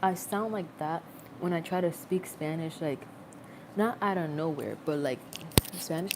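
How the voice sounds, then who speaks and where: A woman's voice: low voice, a little slow, very noisy. A young adult woman rambling in a casual, self-mocking livestream chat, recorded on a phone.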